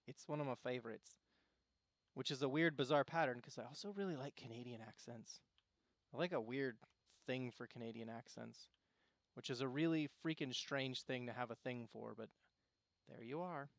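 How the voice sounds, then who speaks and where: A man talks his way through a gameplay stream, rambling from thought to thought and breaking off mid-sentence. His voice sits at an everyday middle pitch and sounds close and dry, with no room around it. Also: moderate pace, dry recording. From Arizona, USA. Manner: rambling, musing, self-interrupting. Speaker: game streamer. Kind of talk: casual gameplay commentary.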